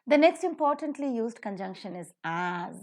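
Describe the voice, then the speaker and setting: Woman as a pronunciation teacher, measured lecture delivery, stresses example words emphatically. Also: on the high side, very animated, a little mellow. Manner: slow, emphatic modeling of example sentences.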